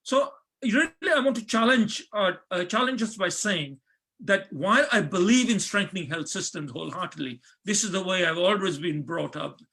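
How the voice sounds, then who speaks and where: A man's voice: high-pitched, moderate pace, vocal fry, sharp tone, slightly rough. A middle-aged man giving a conference talk, earnest and full of fillers and restarts. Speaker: panel speaker.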